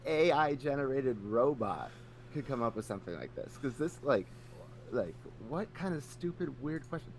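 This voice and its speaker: A man's voice: mid-range voice, expressive, moderate pace, a little mellow, a little hiss or hum. A male podcast co-host, laid-back, telling stories and swearing freely. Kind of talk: casual chat.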